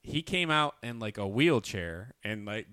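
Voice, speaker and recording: A man's voice: on the low side, a little slow, clean tone, dry recording, clean studio sound. A man co-hosting a podcast, chatting casually and telling funny stories with a laugh. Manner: animated storyteller, laughs while telling jokes. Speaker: podcast co-host. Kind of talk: casual chat.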